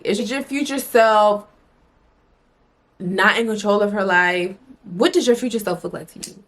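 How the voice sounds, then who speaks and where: A young woman vlogging straight to her viewers in a casual, unscripted way. She is blunt and emphatic, swears freely, and hammers her points home by repeating phrases. Her voice sits at an ordinary middle pitch for a woman. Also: fairly bright tone. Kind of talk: casual motivational vlog talk.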